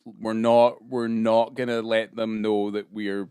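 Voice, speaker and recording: Man, low voice, casual podcast chat, dry close sound. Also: level tone, slow pace, warm tone, clear, resonant tone, dry recording. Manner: rambling, hesitant, many fillers. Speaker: podcast co-host.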